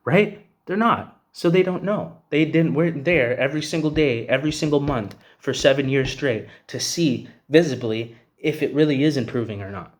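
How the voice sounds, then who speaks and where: A man's voice: on the high side, normal speed, hardly any pauses. An agitated man giving a heated, profane rant, with the filler "you know what I mean" coming up again and again. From Canada. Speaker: vlogger. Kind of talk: angry rant to camera.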